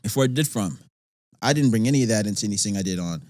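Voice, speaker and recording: A man from Nova Scotia, an actor guest on a podcast, talking in a rambling, animated way full of fillers. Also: fairly low pitch, rapid-fire. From Nova Scotia, Canada. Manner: animated, rambling with many fillers, laughs easily. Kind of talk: casual podcast conversation.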